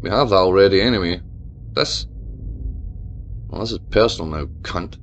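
A man voicing a cruel, sneering female crime boss who taunts in a low, mocking tone. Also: moderate pace, lo-fi sound, slight background noise. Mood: taunting.

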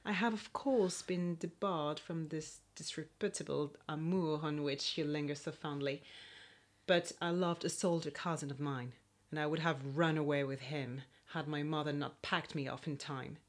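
An actress playing a proud, impoverished aristocratic lady of twenty-eight, speaking crisply and scornfully in an old-fashioned radio play. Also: low voice, natural voice. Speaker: actor.

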